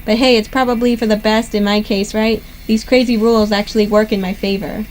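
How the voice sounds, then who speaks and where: A young woman hosting a gaming channel, reading a visual novel aloud in steady first-person narration. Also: mid-range voice, fairly quick, slight background noise, poor audio.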